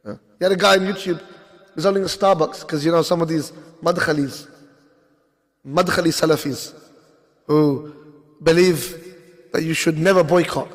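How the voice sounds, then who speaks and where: A man giving a conversational, story-driven sermon in a mosque, mixing in Urdu and Arabic phrases. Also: sits high. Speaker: speaker giving a talk at a mosque. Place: mosque hall. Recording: echoey mosque hall.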